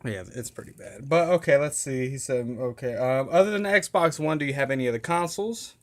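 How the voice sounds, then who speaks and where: A man's voice: mid-range voice, brisk. A young man hosting a casual chat show, rambling and joking with crude banter. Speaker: podcast host.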